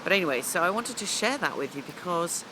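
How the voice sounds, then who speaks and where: A woman's voice: fairly low pitch, animated, fast, pushed and bright, slight background noise, low-quality recording. A middle-aged woman coach telling a long, rambling story in a casual vlog, chatting away as she goes. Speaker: business coach.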